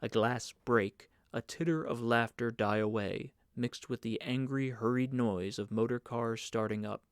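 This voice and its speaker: A man narrating an audiobook of a novel in an even, measured reading. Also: medium pitch, clean tone, no room sound, clean studio sound. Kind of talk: scripted narration.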